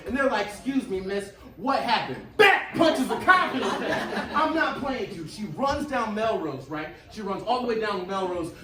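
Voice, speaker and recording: Animated stand-up comedian, roomy club. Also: male voice, extremely high pitch. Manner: animated, loud, profane, acts out shrieking characters. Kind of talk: stand-up storytelling. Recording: roomy club from a distance with crowd. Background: audience laughter.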